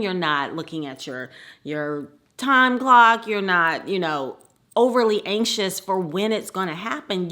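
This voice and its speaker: Bright-voiced woman from the Midwest. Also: lowish voice. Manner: lively, laughs often. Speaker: storyteller. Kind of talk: personal storytelling.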